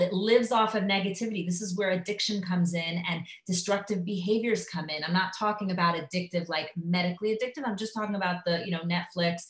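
A woman teaching a live lecture in a conversational way, acting out inner voices as she speaks. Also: on the low side. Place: classroom. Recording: echoey room.

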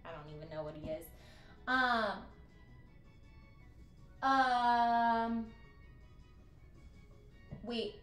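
A woman streaming a game with casual commentary, excitable and giggly, breaking into loud squeals. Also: fairly high pitch, echoey room.

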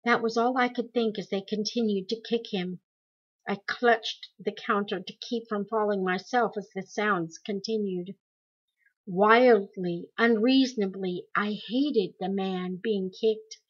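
A woman reading a memoir aloud in slow, deliberate storytelling. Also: mid-range voice, breathy edge, highs cut off. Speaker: audiobook reader.

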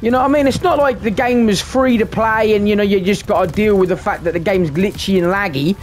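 Man, gameplay commentary, frustrated rant, constant swearing, slightly high voice, faint gunfire behind. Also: a little fast, few pauses, slight background noise. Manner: ranting, heavy swearing, frustrated. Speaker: gaming video creator.

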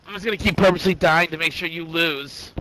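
A man with a high, bright, tense voice hurls curses and mockery at another player in game voice chat. He is hostile and crude. Faint noise sits under his voice. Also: quick pace, rough recording. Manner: hostile, profane, mocking.

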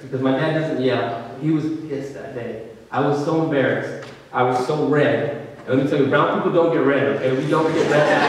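A man's voice: fairly high pitch, slight background noise. A young man from California giving an earnest, conversational sermon to students, with many fillers. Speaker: student speaker. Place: large hall. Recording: distant, very echoey hall.

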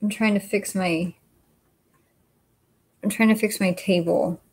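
Woman host, casual livestream banter, blunt and sweary, mid-pitched voice. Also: fairly even intonation, measured pace, darkish tone, husky. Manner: chatty, frank, swears freely. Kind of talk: casual livestream chat with viewers.

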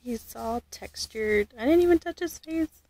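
A woman vlogging an unboxing, gushing and halting, often losing her words. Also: on the high side, lively intonation, dark tone. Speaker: vlogger unboxing a reborn doll. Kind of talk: casual unboxing vlog.

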